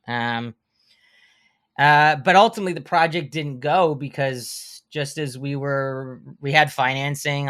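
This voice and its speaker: A man in his thirties, a horror filmmaker and guest on a casual podcast, telling animated anecdotes with frequent restarts and stammers. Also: mid-range voice, clear, resonant tone. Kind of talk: casual podcast conversation, storytelling.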